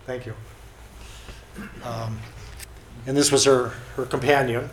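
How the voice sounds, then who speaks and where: A man's voice: medium pitch, fairly even intonation, takes it slowly. A man casually telling stories about people he has met, with many fillers and restarts. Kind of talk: casual storytelling. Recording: echoey room with faint noise.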